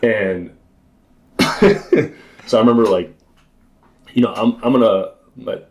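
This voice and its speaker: A young man appears as a podcast guest, telling a story in casual chat with an animated delivery, laughing often and using lots of filler words. His voice sits on the low side and he takes his time.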